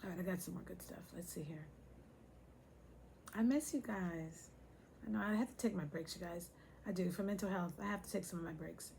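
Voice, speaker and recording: A woman's voice: lowish voice, steady tone, quick pace, gravelly, a little mellow, slight background noise. A woman hosting a casual talk to her viewers, chatty and playful, speaking to them directly. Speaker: host.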